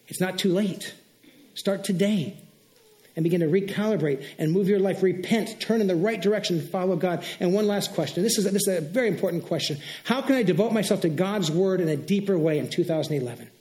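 A middle-aged male pastor preaching a sermon in an earnest, animated way, acting out sample prayers aloud. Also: sits high, a little fast.

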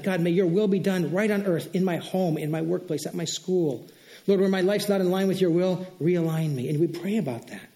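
A man with a notably high voice preaches to his church in an easy, conversational way. Now and then he sinks low and soft to voice a short prayer aloud. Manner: conversational, drops softly into quiet spoken prayers. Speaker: pastor. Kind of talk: sermon.

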